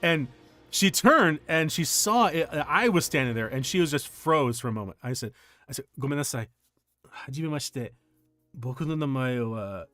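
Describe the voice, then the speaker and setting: Animated male streamer telling a story. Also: a little high, no room sound. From United States. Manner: animated, laughs often, acts out quoted voices. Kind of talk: casual storytelling chat.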